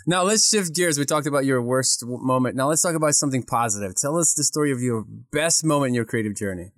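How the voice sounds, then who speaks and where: A man's voice: mid-range voice, fast, fairly bright tone, no room sound, studio quality. A man from Ukraine hosting an interview, enthusiastic and laughing often. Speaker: podcast host. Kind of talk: interview conversation.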